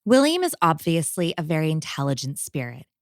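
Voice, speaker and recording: A woman's voice: low-pitched, fairly quick, no room sound, studio quality. A woman hosting a podcast, reading scripted narration in a dramatic, storytelling way. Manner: dramatic, expressive storytelling read.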